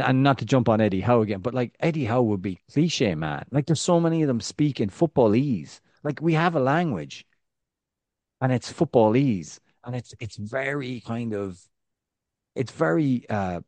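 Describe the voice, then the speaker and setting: A man's voice: medium pitch, animated, normal speed, a little mellow, no room sound. Soccer pod cohost guy, mid voice, rambles with lots of likes. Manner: rambling, full of "like" and restarts. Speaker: podcast co-host. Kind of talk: casual football chat.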